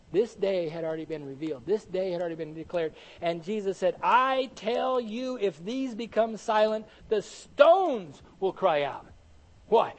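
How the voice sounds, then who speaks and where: A male pastor preaching a sermon in an animated way, peppered with rhetorical questions. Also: fairly high pitch, slight background noise, poor audio.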